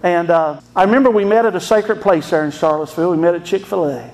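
Preacher guy, high voice, folksy and emotional, tells it like a story. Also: quick pace, a little mellow, a little hiss or hum. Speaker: pastor. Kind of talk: storytelling sermon.

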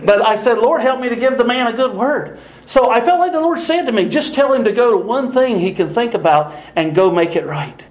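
A man's voice: very high voice, fairly quick, few pauses, reverberant, poor audio. An older man preaching a sermon, telling stories with frequent laughter and acting out the people in them. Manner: animated, laughing often, acting out dialogue. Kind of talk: sermon with storytelling.

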